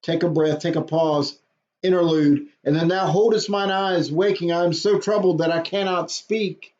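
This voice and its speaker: A man's voice: a little high, steady tone, a little mellow. A man, a pastor reading a psalm aloud and then explaining it plainly in a short devotional talk. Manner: reads scripture slowly, then explains plainly. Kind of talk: devotional Bible reading and commentary. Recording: dull lo-fi audio.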